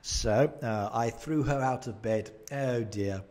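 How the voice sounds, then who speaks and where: A man's voice: medium pitch, takes it slowly, darkish tone. A man chatting casually on a live game stream, answering viewer comments and laughing often into a desk microphone at home. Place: home streaming setup in Japan.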